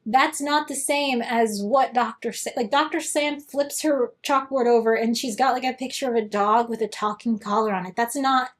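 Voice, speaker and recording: A woman giving casual commentary as a video essayist, retelling things in a sarcastic, lively way. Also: a little high, moderate pace, hardly any pauses.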